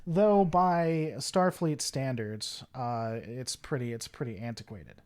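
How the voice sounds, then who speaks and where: A man's voice: medium pitch, slow, darkish tone, smooth. A man hosting a livestream, chatting casually and reading viewers' messages aloud, with a rambling manner and a desk microphone. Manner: rambling, reads chat aloud and answers it. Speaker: livestream host.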